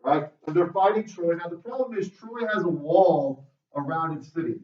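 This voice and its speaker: A male English teacher giving a lively classroom lecture to students, ending nearly every sentence with "right?". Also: fairly high pitch, normal speed. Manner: tags most sentences with "right?"; lively, talks straight to students. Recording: roomy, dull classroom audio from far off.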